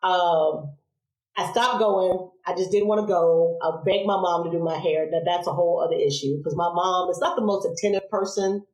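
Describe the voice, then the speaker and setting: A woman in her forties, a podcast guest, telling childhood stories in a casual interview, animated, laughing and acting out voices. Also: fairly low pitch, moderate pace. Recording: roomy echo.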